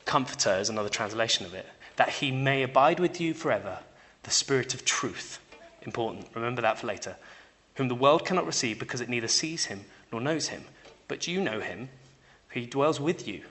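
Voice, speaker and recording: Bright-voiced young man preaching casually. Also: mid-range voice, brisk. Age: young adult. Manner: conversational, checks in with listeners by asking "yeah?"; animated, swings between loud emphasis and quiet asides. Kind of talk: informal sermon.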